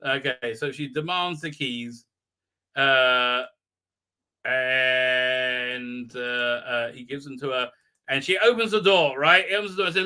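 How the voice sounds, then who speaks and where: A man's voice: medium pitch, slow, bright, forceful tone, smooth. A man casually recapping a TV episode on a live stream, mocking it and acting out lines in silly voices, with lots of "uh"s and restarts. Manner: mocking, acts out quotes in funny voices, many fillers and restarts.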